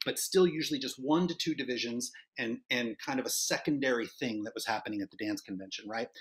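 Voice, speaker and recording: A middle-aged man with an even, mid-range voice gives an informal talk to an online audience. He tells his stories in a lively, chatty way, with plenty of fillers and self-corrections. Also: medium pitch. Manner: animated, chatty, many restarts and fillers. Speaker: dance instructor giving a presentation. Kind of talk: casual storytelling lecture. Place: home set-up for an online event.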